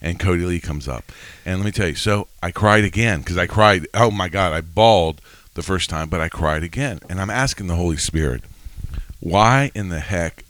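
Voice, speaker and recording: A man's voice: sits low, brisk, hardly any pauses, a bit bright, no echo. A man co-hosting a casual faith podcast, telling stories in an emotional, rambling way with many restarts. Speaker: podcast co-host.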